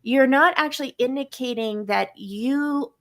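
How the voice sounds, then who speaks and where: A woman with a fairly high voice leads a casual chat about relationships. She coaches her listeners and slips into example lines that a partner might say. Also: measured pace, fairly bright tone. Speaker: podcast co-host.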